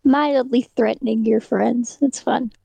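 Woman, podcast co-host, gravelly, mellow, dry close sound, wry asides. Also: fairly high pitch, steady tone, a little slow, no echo. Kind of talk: casual podcast chat.

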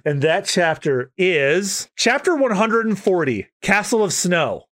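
A man's voice: high-pitched, sing-song, unhurried, a bit bright. A man co-hosting a podcast, chatting casually about manga he reads aloud, with lots of filler words. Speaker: podcast co-host.

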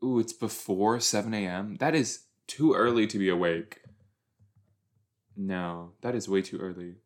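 A young man chats his way through an episode at an unhurried pace. He rambles, questions himself and laughs at his own reactions, in a relaxed, self-mocking way. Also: on the low side. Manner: chatty, self-deprecating, rambling with fillers. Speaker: podcast host. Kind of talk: casual watch-along commentary.

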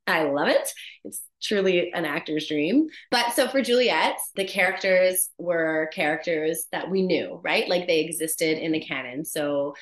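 A woman actor chatting as an interview guest, animated and laughing often as she tells stories about her work. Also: on the low side, unhurried, echoey room. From Canada. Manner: animated storyteller, laughs often, many restarts. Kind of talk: casual interview chat.

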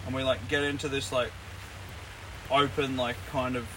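A man's voice: medium pitch, level tone, normal speed. A young Australian man telling a story in casual chat, laid-back and sweary, full of "like". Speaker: podcast co-host. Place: inside a tent. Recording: noticeable background noise.

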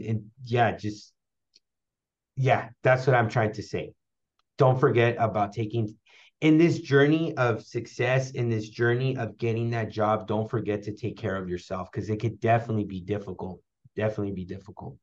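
A man's voice: fairly low pitch, steady tone, moderate pace, darkish tone, highs cut off. A young man answering interview questions, earnest and giving advice, often repeating his phrases. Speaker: interview guest.

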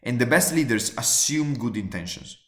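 A man speaking as a walks through advice tips in an earnest, emphatic way. He asks rhetorical questions and repeats his key points. His voice sits at a middle pitch and carries noticeable room echo. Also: lively intonation, moderate pace. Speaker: presenter giving workplace advice. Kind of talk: spoken advice talk, numbered tips.

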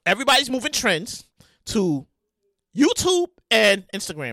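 A man hosting his own podcast with loud, comedic commentary, repeating himself, swearing freely and bursting into shouts. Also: sits high, big pitch swings, normal speed, dry recording, studio quality. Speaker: podcast host.

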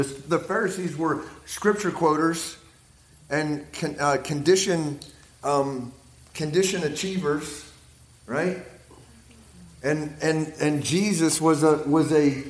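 Pittsburgh-accented male guest preacher, energetic and repetitive, fairly high voice, echoey room with listeners answering. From Pittsburgh area, Pennsylvania. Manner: energetic, repeats words, checks in with "right?" and "amen?". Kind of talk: charismatic preaching to a leadership group. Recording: echoey room with audience responses. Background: audience responses.

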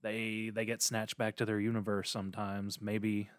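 A man co-hosting a podcast, joking and rambling through casual chat. His voice sits at an ordinary pitch. It sounds dry and close, with little room echo. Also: monotone, normal speed. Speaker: podcast co-host.

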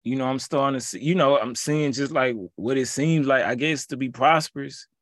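A man in his thirties preaching devotionally, fervently chanting a name in call-and-response, then turning reflective and personal with soft laughs. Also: mid-range voice, moderate pace, no echo. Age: 30s.

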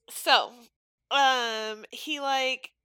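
A woman on a podcast retelling a film's ending in casual chat, animated, swearing freely and acting out the characters' lines. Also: sits high, clean tone, no echo. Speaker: podcast co-host. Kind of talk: casual movie recap.

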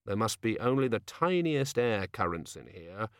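A man narrating an audiobook in a measured, steady storytelling voice. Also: on the low side, no echo, clean studio sound. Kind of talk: scripted narration.

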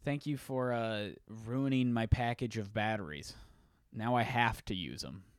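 Smooth-voiced man rambling on a podcast. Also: medium pitch, measured pace, no echo, studio quality. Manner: rambling storyteller, animated, many restarts. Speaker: podcast host. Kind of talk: casual solo podcast chat.

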